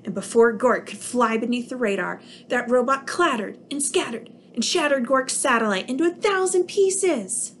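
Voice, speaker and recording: A woman who teaches preschool, reading a picture book aloud to young children with expressive storytelling. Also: a little high, normal speed, few pauses, a little hiss or hum.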